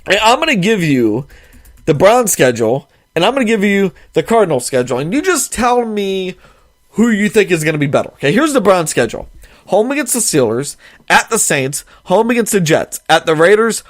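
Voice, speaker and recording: Emphatic high-voiced sports podcast host. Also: male voice, dry recording, studio quality. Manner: emphatic, sarcastic, mocks others in quoted voices. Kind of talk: opinionated sports talk monologue.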